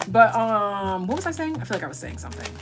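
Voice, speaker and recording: A woman's voice: mid-range voice, very animated, fast talker, music in the background. A woman doing a casual live tarot reading, chatty and rambling, swearing freely and laughing at her own jokes. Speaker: tarot reader.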